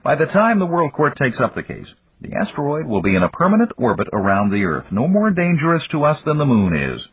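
A man's voice: on the high side, huge pitch swings, brisk, hardly any pauses, breathy edge, pitched above the performer's own voice, heavily acted. A man voicing a blunt, combative male industrialist in an audiobook. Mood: defiant. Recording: dull lo-fi audiobook recording.

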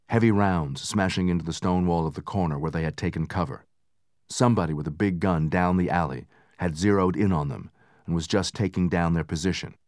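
A man narrating a book in steady, measured scripted narration, raising his voice for the soldiers' lines. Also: sits low, no room sound, clean studio sound. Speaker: audiobook narrator.

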